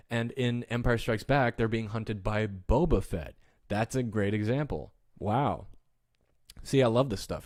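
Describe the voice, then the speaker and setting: A man hosting a casual live-streamed fan podcast, chatty and enthusiastic, often pausing with fillers and restarting his sentences. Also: on the low side, darkish tone, no echo, clean studio sound. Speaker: podcast host.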